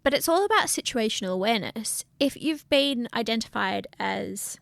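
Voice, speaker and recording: A woman co-hosting a casual podcast chat, talking in an earnest, animated way. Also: a little high, normal speed, creaky, no room sound. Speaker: podcast co-host.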